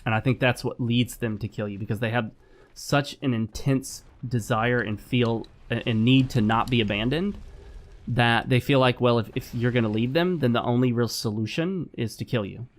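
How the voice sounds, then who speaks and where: A man's voice: medium pitch, moderate pace. A man giving casual gameplay commentary as a gaming channel host, lecturing and repeating himself while he plays. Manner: lecturing, repetitive, talks while playing.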